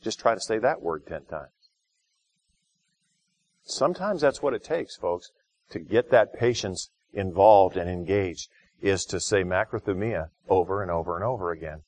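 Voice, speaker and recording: A middle-aged man preaching a sermon in a conversational way, rising to loud, slow, emphatic phrases for stress. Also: sits low, expressive, dry recording. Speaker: pastor.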